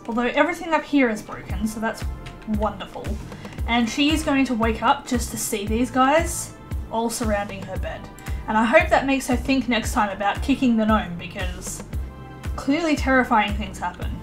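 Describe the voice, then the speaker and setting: A young woman casually commentating her life-sim gameplay, excitable and chatty, voicing her characters in quick asides. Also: on the high side, soft background music. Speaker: let's play host.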